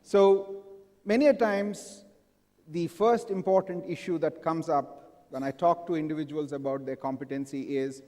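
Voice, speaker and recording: A man speaks in a fairly high voice to a live audience in a large hall. He often stops to ask the crowd questions. A long reverb trails after his words. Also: fairly even intonation, normal speed, warm tone. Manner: engaging, asks the audience frequent questions. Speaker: conference speaker. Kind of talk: live conference talk.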